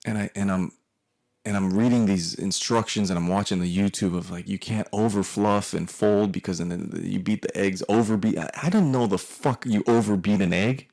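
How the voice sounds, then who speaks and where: A man in his forties spins a profane, rambling family story and often stops to restart his sentences. His voice sits very low, with plenty of gravelly fry. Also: normal speed, a little mellow. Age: 40s. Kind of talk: comedic personal storytelling.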